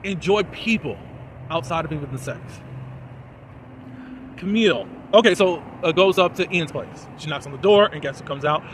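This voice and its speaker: A man giving a chatty, animated recap and commentary on a TV episode, full of fillers, recorded outdoors in a city. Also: fairly high pitch, moderate pace, slight background noise. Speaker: TV episode reviewer.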